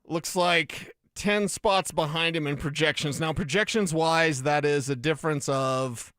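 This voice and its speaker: Chatty higher-voiced sports radio man. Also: a little slow, a bit bright, no echo, studio quality. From Colorado. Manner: chatty, breaks down fantasy projections with numbers. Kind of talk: casual sports talk radio banter.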